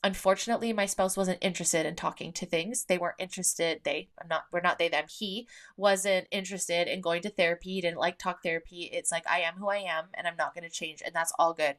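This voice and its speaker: A woman's voice: lowish voice, steady tone, fairly quick, hardly any pauses, a bit bright. A woman in her thirties hosting a podcast in casual chat. She talks candidly and swears freely, with many fillers. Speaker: podcast host.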